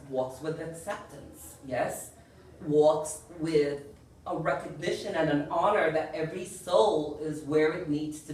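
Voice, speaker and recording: A woman with a low voice gives an earnest spiritual lecture to a group, often checking in with "yes?" and "you know." The very echoey room and distant mic add some hiss or hum.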